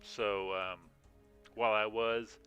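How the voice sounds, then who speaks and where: A man's voice: fairly low pitch, level tone, slow, pushed and bright, smooth, faint music behind. A man streaming a mobile game from home, chatting casually with viewers, rambling with lots of fillers and yawns. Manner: rambling, frequent yawning and filler words. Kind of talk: casual live-stream chat. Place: home room.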